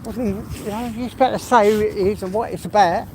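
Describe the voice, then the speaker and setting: A vlogger with an East London accent and a high, fairly even voice talks fast while walking his dog on a busy urban street. His live chat is rambling and casual with mild swearing, over outdoor street noise and traffic.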